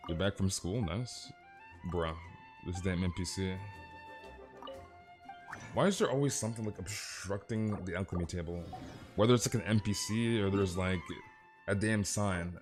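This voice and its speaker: Man, American accent, low voice, upbeat casual streamer, game music clearly playing behind. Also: moderate pace, long pauses. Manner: upbeat, greets chat viewers by name. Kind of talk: casual live-stream chat.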